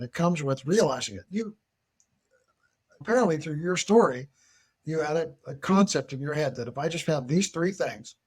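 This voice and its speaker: A man, a military veteran, talking on a podcast and telling stories with lively emphasis. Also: on the high side, breathy edge. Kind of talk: podcast conversation.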